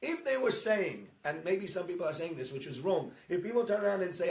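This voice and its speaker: A man, a rabbi, giving an informal talk to his congregation, telling stories chattily and building to animated emphasis. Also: sits high, fairly quick, few pauses. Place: synagogue hall. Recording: roomy echo.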